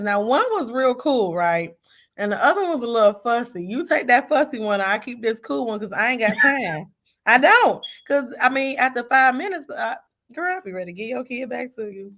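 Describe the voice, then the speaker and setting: A woman's voice: fairly high pitch, fairly bright tone. A mother from Michigan chatting casually on a livestream, addressing her viewers directly and laughing often. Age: adult mother. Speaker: livestream host.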